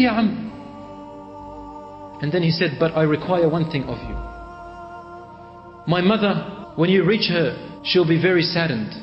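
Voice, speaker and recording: A man's voice: on the high side, lively intonation, measured pace, pauses often. A male preacher dramatically retelling a religious story, voicing its people in quoted speech and mixing in Arabic phrases. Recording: echoey hall, dull lo-fi sound, faint music.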